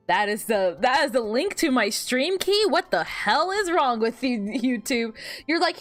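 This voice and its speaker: A young woman VTuber streamer chatting casually while she fiddles with her setup, animated and giggly, often repeating words and laughing at her own jokes. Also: high voice, a little slow, soft background music. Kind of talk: casual livestream chat.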